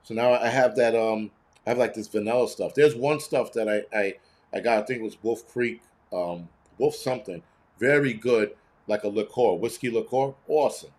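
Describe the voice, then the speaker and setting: A man's voice: medium pitch, normal speed, darkish tone. A man in his fifties hosting a casual livestream, rambling and sarcastic with constant swearing. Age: 50s. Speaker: livestream host.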